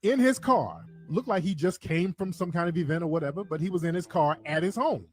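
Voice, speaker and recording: A man giving casual, animated commentary straight to his viewers, repeating himself for emphasis. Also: fairly high pitch, quick pace, faint music behind. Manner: animated, repetitive, talks to viewers directly. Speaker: online commentator.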